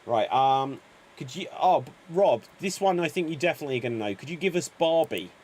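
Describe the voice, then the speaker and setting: A man's voice: a little high, lively intonation, brisk, a little mellow. A man hosting an improv game, upbeat and encouraging as he announces players. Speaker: improv show host.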